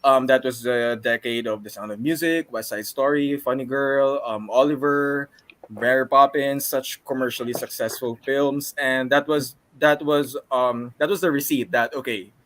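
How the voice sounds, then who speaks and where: A Filipino-accented man talks at length as a guest, laying out history in long, mid-pitched explanations. His voice sounds dry and close, with no room around it. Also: steady tone, normal speed, a bit bright, dry recording. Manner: talkative, explains at length, switches into Tagalog. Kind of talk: explanatory chat about film history.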